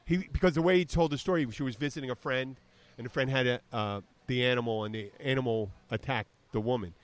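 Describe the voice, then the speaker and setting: A man's voice: medium pitch, fast. A man co-hosting a podcast, telling rambling, profane stories in casual chat. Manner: rambling, profane, acts out quotes. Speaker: podcast co-host.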